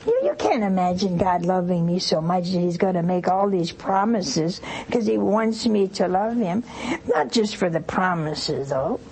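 An older woman, a nun, leads a devotional call-in broadcast at a slow, deliberate pace. She speaks earnestly and stirs her audience with repeated questions. A faint hiss sits under her voice. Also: lowish voice, expressive, darkish tone, low-quality recording. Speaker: nun hosting a call-in TV show. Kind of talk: televised devotional teaching with call-in.

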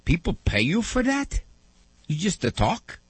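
A man's voice: high voice, wildly swooping pitch, a little slow, breathy edge, no echo, pitched above the performer's own voice, full character voice. A man voicing his elderly Italian immigrant grandfather with a broken Italian accent, asking puzzled questions. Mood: baffled. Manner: baffled, questioning.

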